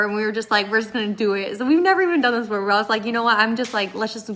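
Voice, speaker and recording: A woman's voice: a little high, lively intonation, fast talker, few pauses, a bit bright. A young woman chatting casually in a vlog, rambling with many restarts and fillers as she talks about her baby's bedtime. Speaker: mom vlogger.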